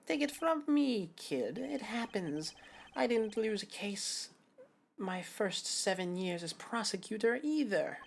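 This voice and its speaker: A woman's voice: medium pitch, animated, slow, creaky, slight background noise, voice pushed up. Woman doing a smug condescending prosecutor.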